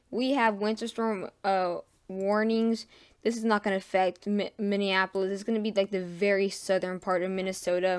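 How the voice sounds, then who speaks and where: Woman, amateur forecaster, clear tone with little pitch movement, hesitant and self-correcting delivery. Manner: halting, frequent fillers and self-corrections. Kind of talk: casual weather forecast over radar maps.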